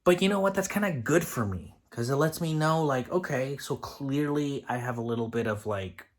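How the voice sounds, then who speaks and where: A man's voice: mid-range voice, normal speed. Candid rambling man vlogging. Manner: candid, rambling, with many restarts. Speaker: line cook and kitchen lead. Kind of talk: casual vlog talk.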